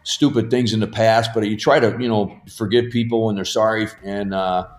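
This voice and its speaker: A man's voice: on the low side, fairly even intonation, moderate pace. A man guest casually telling rambling stories at home, laughing as he goes. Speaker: podcast guest. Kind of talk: casual storytelling. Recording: roomy echo.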